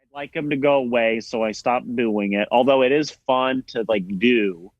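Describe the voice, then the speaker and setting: A man from Tennessee with a Southern accent, a guest actor talking in a wry, self-deprecating way with drawn-out pauses. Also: medium pitch, no echo, dull audio. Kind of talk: casual video interview.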